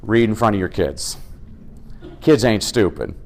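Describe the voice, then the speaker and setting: Animated, funny male keynote speaker. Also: lowish voice, a little slow. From United States. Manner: energetic, humorous storytelling. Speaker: education speaker. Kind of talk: keynote speech.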